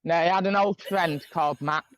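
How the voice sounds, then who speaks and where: A man's voice: fairly high pitch, steady tone, moderate pace, a bit bright, no echo. A man tells a long story in casual chat over a video call. He rambles, with many fillers and restarts. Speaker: guest caller.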